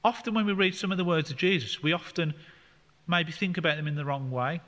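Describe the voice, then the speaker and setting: A man's voice: on the high side, brisk, a bit bright. Man teaching scripture in a reverberant hall. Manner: explanatory, conversational with fillers. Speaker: Bible study leader. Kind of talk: teaching Bible study.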